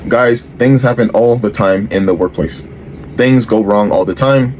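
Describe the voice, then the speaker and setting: A man giving steady, instructive advice to his viewers. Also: lowish voice, unhurried, a little hiss or hum.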